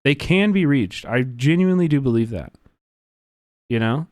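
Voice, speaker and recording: A man's voice: mid-range voice, animated, moderate pace, a little mellow, no echo. A man hosting a livestream, talking casually and earnestly, rambling with many fillers. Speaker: livestream host.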